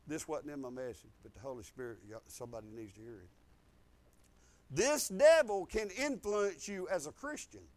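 A man preaching as a pastor, telling a personal testimony, animated, with loud emphatic lines and low quiet stretches, informal speech and restarts. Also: normal speed.

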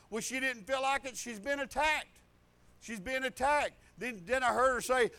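Older preacher man, very high voice, folksy and rambling, drops a hallelujah between stories. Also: unhurried, bright, forceful tone, clean tone. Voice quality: high-pitched. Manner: rambling storytelling with laughs and hallelujahs. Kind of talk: folksy sermon.

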